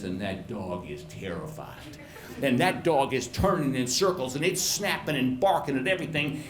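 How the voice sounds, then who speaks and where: A middle-aged man telling a personal story live at a pub, in a folksy, animated way with frequent repeated words. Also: mid-range voice, a little hiss or hum. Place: pub stage before an audience. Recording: roomy pub with faint chatter.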